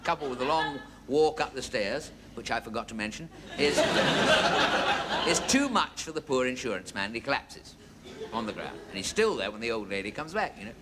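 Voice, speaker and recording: A man's voice: mid-range voice, background noise. A man telling a long joke on stage in a dry, chatty way with asides. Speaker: comedian. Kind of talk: stand-up monologue.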